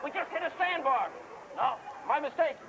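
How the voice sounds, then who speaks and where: A man voicing an excitable puppet sea captain who barks orders and makes puns. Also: very high voice, moderate pace, gravelly, exaggerated voice. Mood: bossy. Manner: bossy, punning, barking orders. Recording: live show, loud crowd and noise. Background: loud crowd.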